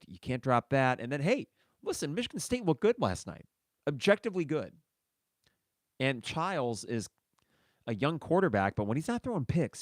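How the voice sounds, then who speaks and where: A man's voice: medium pitch, no echo, clean studio sound. A man hosting a casual solo sports podcast, reading listener mail and reacting in a chatty way. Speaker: podcast host.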